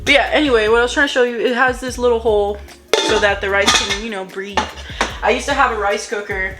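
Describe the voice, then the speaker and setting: A young woman with a slightly high voice talks to her viewers in a hyper, playful, chatty way. She is cooking in her home kitchen. Music plays clearly under her voice. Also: fairly even intonation, fast. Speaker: vlogger. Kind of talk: casual cook-with-me vlog.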